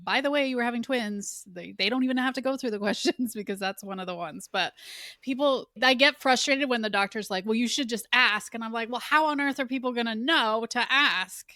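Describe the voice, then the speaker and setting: A woman's voice: a little high, fairly quick, bright, forceful tone, no room sound. A woman hosting a podcast who talks straight to her listeners in casual interview chat. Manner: direct, addresses listeners. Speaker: podcast host, nurse.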